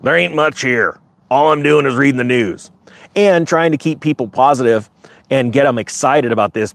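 Male livestream host, sarcastic ranter, voice jumps high when fired up, dry close sound. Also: dry recording. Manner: animated, sarcastic, rising to high excited pitch; rambling with many restarts. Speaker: crypto market livestream host. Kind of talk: casual livestream rant.

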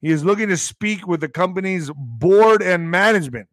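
A man's voice: sits high, expressive, normal speed, dry recording. A man from the Texas border reading news headlines aloud and breaking in with casual, wry comments and the odd Spanish interjection. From US–Mexico border, Texas. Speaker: show host reading and reacting to news.

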